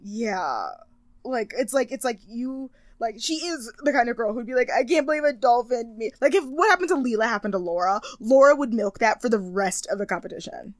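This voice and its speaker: A young woman co-hosting a casual recap podcast, talking in an animated way with mocking impressions and swearing. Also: fairly high pitch, a little fast, no room sound. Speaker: podcast co-host.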